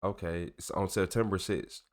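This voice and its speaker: Style: loose reading commentary. Sex: man. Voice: low. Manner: trips over long words. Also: fairly even intonation, normal speed. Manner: stumbles over long words and corrects himself; loose, joking asides in slang. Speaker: channel host. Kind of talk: casual commentary while reading documents aloud.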